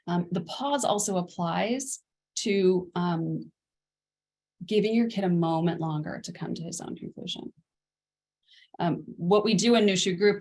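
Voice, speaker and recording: A middle-aged woman coaching parents in a relaxed masterclass on a video call, talking through ideas with lots of fillers and "right?" asides. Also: fairly low pitch. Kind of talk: casual teaching on a video call.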